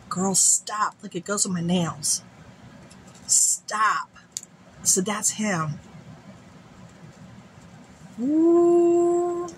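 A woman beauty vlogger unboxing friend mail, gushing and excitable, calling her viewers "girl". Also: medium pitch, a little hiss or hum, low-quality recording.

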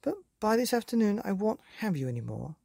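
A woman's voice: mid-range voice, sing-song, fairly quick, vocal fry, dark tone, husky, dry recording, clean studio sound, voice pushed up, exaggerated voice. A woman voicing an eager, pleading young boy in a bedtime story.

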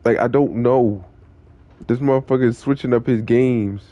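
A man's voice: medium pitch, steady tone, normal speed, mellow, no echo, dull audio. A young man streaming an online game, chatting with viewers in a laid-back, slangy, profane way. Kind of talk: casual live-stream chat.

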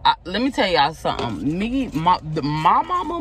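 Woman ranting, animated and profane. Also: fairly low pitch, moderate pace, rough recording. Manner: exasperated, profane, venting. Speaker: vlogger and mother. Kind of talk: ranting vlog. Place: parked car.

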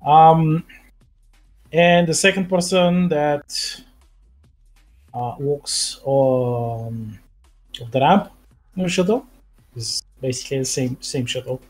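A man narrating as game master of a tabletop game over voice chat, halting with many fillers. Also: a little high, a little mellow, faint music behind.

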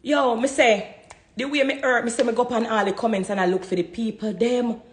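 A woman with a Jamaican Patois accent rants to camera as a social media vlogger, fiery and defiant, repeating herself to drive each point home. Her voice is a little high with fairly even intonation, fairly quick, and the sound is roomy.

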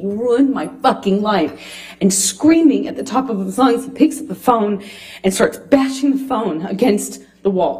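A woman giving courtroom testimony, speaking haltingly with frequent restarts and pauses. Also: mid-range voice, warm tone. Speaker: witness.

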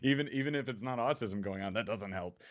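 A man hosting a casual fishing livestream, talking in a rambling way full of fillers and quick laughs. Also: on the low side. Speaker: podcast host. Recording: dull lo-fi stream audio.

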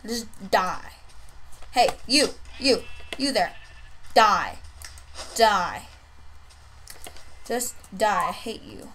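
Slow-talking young woman gamer, playful trash talk. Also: medium pitch, lively intonation, fairly bright tone, slight background noise, poor audio. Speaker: gaming youtuber. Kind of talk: casual gameplay commentary.

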